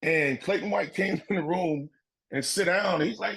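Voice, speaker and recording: A middle-aged man and former football player, telling animated stories in a casual interview, acting out his coaches' voices and laughing often. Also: fairly high pitch, moderate pace, slightly rough, rough recording.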